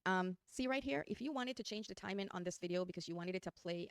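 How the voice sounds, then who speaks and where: A woman's voice: mid-range voice, fast, smooth, dry recording, clean studio sound. A woman with a New Jersey accent giving a chatty, upbeat live screen-share tutorial, talking her viewers through each step as she clicks. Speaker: online design tutor.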